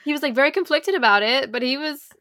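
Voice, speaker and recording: Young woman podcast host rambling excitedly about book plots, bright and dry sound. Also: high-pitched, quick pace, no echo. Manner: animated, breathless retelling of plots. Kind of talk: casual chat about romance novels.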